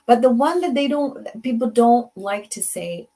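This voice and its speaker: A woman's voice: fairly high pitch, animated, moderate pace, few pauses, warm tone. A woman hosting a casual motivational talk, slipping into Spanish phrases and acting out little dialogues. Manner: conversational, mixes in Spanish phrases, acts out dialogue. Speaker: host; advocate.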